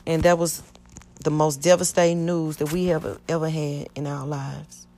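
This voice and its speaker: Middle-aged woman, low-ish voice, earnest rambling testimony, voices the people in her story. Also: level tone, normal speed, mellow, slight background noise. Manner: earnest, rambling, acts out quoted speech. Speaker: church member giving testimony.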